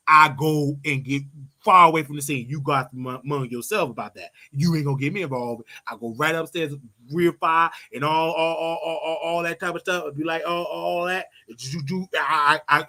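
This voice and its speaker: Blunt high-voiced man ranting advice. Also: sharp tone. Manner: blunt, preachy, repeats his points for emphasis. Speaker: show host. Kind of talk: casual advice rant.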